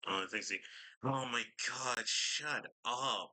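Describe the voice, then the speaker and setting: A man's voice: mid-range voice, moderate pace, pushed and bright, slightly rough. A man ranting through a reaction commentary, exasperated and swearing heavily as he picks apart what he reads. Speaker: reaction streamer.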